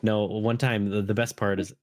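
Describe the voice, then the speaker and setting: A man's voice: lowish voice, level tone, normal speed, darkish tone, no echo, clean studio sound. A man hosting a podcast, telling rambling stories with lots of swearing in casual chat. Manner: rambling storytelling, swears often. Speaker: podcast host.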